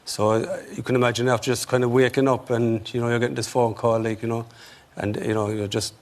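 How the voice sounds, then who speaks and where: A man's voice: mid-range voice, little pitch movement, fast, darkish tone. A man with an Irish accent, recalling in an interview as a bereaved father, hesitant and full of fillers. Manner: hesitant, many fillers and "you know what I mean". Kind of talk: emotional interview recollection. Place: TV studio.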